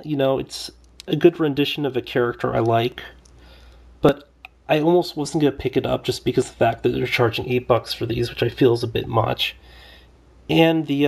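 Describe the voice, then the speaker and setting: Gravelly-voiced man rambling through a toy review. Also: mid-range voice, darkish tone. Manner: rambling, loose, lots of fillers. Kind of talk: casual toy review vlog.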